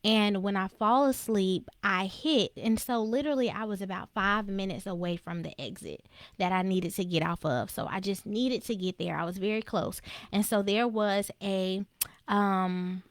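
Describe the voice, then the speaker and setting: An earnest young adult woman tells her own story as a motivational speaker, bringing her faith into it. Her voice sits at an ordinary pitch for a woman. It is recorded close and dry, with almost no room sound. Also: normal speed, no room sound. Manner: earnest, emotional retelling with faith references. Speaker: speaker for women in business. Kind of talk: personal testimony, motivational storytelling.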